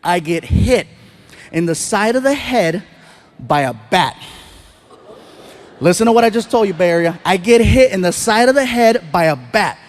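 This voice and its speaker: A middle-aged man telling a story on stage as a stand-up comedian, animated, acting out characters and laughing at his own jokes. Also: high-pitched, moderate pace, long pauses. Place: stage in a theater. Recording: live show, faint crowd behind.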